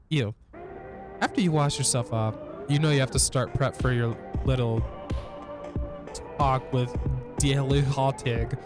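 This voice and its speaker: A man playing a narrative game, reading its text aloud and reacting with frequent laughter and swearing. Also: mid-range voice. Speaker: gameplay streamer. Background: background guitar music.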